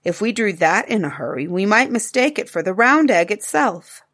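Woman doing a patient caveman dad, lively up and down, storybook reading. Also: medium pitch, moderate pace. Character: cave-man father, patient and playful.

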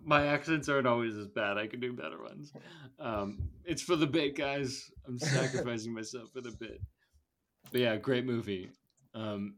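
A man's voice: mid-range voice, a bit bright. A young man co-hosting a podcast, chatting casually and teasing his friends with jokes. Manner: joking, teasing banter. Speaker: podcast co-host. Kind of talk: casual chat.

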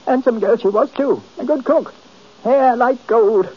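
A whining, self-pitying old miser, played by a man in a 1940s radio play, his voice high and husky. He grumbles querulously, and the old recording sounds dull and lo-fi. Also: measured pace, a little mellow, full character voice. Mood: grumbling. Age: older. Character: miserly old male retired colourman, whining.

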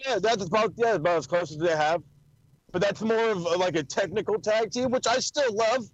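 A man co-hosting a podcast who rambles and swears his way through casual chat. His voice sits a bit high, and the audio comes through a little dull and lo-fi. He talks with excitable, loose energy. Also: brisk, no echo. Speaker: podcast co-host.

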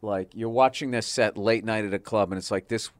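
A man's voice: fairly low pitch, steady tone, a little fast, no room sound. A man from the Boston area chatting casually as a comedian, telling stories full of fillers and swearing. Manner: rambling storytelling with lots of fillers and swearing. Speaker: comedian guest. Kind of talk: casual chat.

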